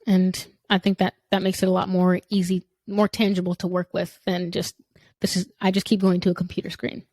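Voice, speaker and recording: A woman's voice: fairly low pitch, flat delivery, fairly quick, a little mellow, no echo. Affirming woman podcast host, dry sound. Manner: brief affirming responses and short follow-up questions. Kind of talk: conversational podcast interview.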